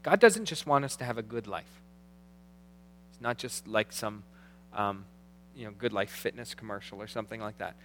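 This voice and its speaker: A man preaching a sermon as pastor, earnest, slowing down to read scripture aloud. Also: lowish voice, fairly bright tone, a little hiss or hum. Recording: long hall reverb.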